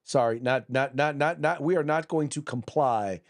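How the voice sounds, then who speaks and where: A podcast host with a medium-pitched voice and moderate pace runs a political show, combative and blunt. He reads news articles aloud, frequently restarting and repeating words.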